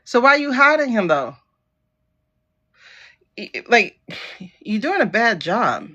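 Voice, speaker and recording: Woman streamer, AAVE, incredulous running commentary, voice swings high and low. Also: big pitch swings, a little slow, long pauses, sharp tone, highs cut off. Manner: incredulous, talks back at the screen. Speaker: livestream host. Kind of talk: casual livestream commentary.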